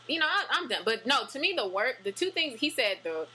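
A woman talks in a loose, chatty way, her pitch swinging widely as she goes, full of fillers and restarts. Her voice is bright and forward, with a faint hum of noise behind it. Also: big pitch swings, fairly quick, poor audio. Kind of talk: casual chat.

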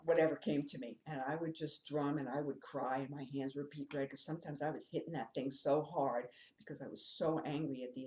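A woman's voice: deep voice, echoey room, rough recording. A middle-aged woman telling her personal story openly and emphatically as an interview guest, with fillers and laughs. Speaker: interview guest, drumming teacher and author.

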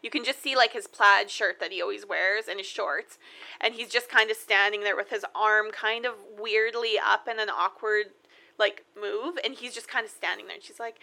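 Chatty female co-host with a sharp, bright tone and a steady stream of "like"s. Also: mid-range voice, moderate pace, gravelly. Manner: chatty, with many "like"s. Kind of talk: casual chat recapping a horror film.

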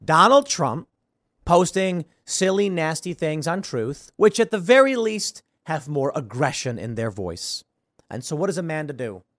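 A man hosting a podcast, giving casual political commentary with an animated, sarcastic delivery that swings between loud bursts and mumbled asides. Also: a little high, unhurried, no echo, clean studio sound. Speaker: podcast host.

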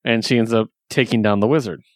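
A man casually recapping a story, chatty and laughing often, quoting characters in quick voices. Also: fairly low pitch, no room sound, clean studio sound. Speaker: comic book reviewer. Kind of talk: casual chat.

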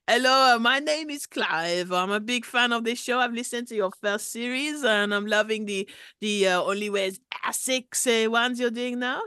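Flirty French rat guy played by a woman, put-on French accent, loud and showy, higher voice. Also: normal speed, hardly any pauses, clear, resonant tone, no echo, clean studio sound. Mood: hammy flirty. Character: flirty male rat caller from Paris. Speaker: podcast caller.

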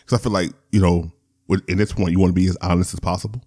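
Rambling through a personal story with laughs and restarts, a male podcast host speaks candidly. He's a fast talker with a deep, dark voice and a steady tone.

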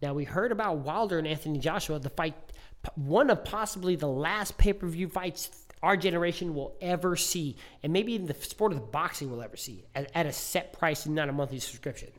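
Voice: medium pitch, a little fast. A podcast co-host in a casual boxing chat, rambling and stumbling over repeated words, with a teasing edge.

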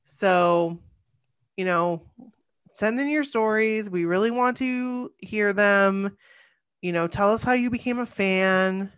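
A woman co-hosts a podcast in loose, casual chat. She sounds tired and rambles, often stopping to correct herself. Her voice sits at an ordinary middle pitch, recorded close and dry. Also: slow, clear, resonant tone, dry recording. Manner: chatty, rambling, self-correcting. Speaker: podcast co-host.

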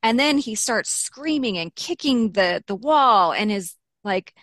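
A woman's voice: on the high side, animated, a little slow, fairly bright tone, no room sound, studio quality. A woman in an interview, candidly retelling a frightening personal experience, with blunt swearing and quoted asides.

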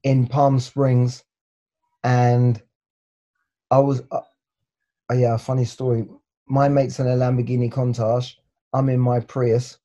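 Interview guest: English man, forties, warm and mellow, stop-start delivery that turns animated when he tells a story. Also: mid-range voice, takes it slowly, long pauses, muffled recording. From England. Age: 40s. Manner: hesitant, repeats words, lively storytelling. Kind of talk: casual interview chat.

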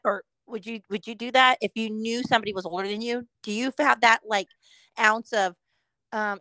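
A woman's voice: medium pitch, fairly even intonation, normal speed, sharp tone, no echo, poor audio. A middle-aged woman co-hosting a podcast in casual chat, talkative and laughing often as she quotes people. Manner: chatty, laughing often, quoting others in voices. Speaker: podcast co-host.

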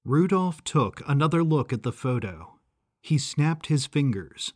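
A man narrating his own scripted audio story in a calm, even manner. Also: fairly high pitch, unhurried, no room sound, clean studio sound. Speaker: author and narrator.

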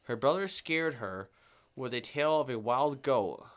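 A man, co-hosting a casual podcast, talking fast with casual swearing and reading stories aloud. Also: mid-range voice, animated, a bit bright, slight background noise. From New England. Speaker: podcast co-host.

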